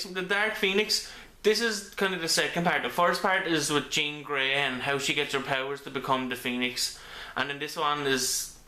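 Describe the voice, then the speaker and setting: A man's voice: medium pitch, pushed and bright. Man rambling about comics in an echoey room. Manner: rambling with many ums and restarts. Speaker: comic book reviewer. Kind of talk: casual video review. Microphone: camera mic.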